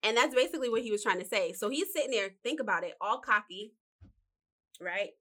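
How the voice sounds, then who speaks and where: A woman's voice: a little high, lively intonation, fairly quick, fairly bright tone. A woman telling a Bible story in a loose, chatty monologue filled with fillers and asides, recorded indoors. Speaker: vlogger retelling a Bible story.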